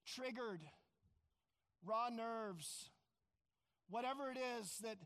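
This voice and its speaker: Male pastor, very high voice, animated sermon with shouted quoted lines, long hall reverb. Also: measured pace, long pauses.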